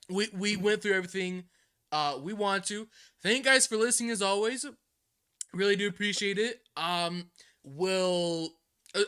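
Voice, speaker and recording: A young man co-hosting a casual esports podcast, excitable and quick to laugh, often repeating words. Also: high voice, clean tone. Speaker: podcast co-host. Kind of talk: casual chat.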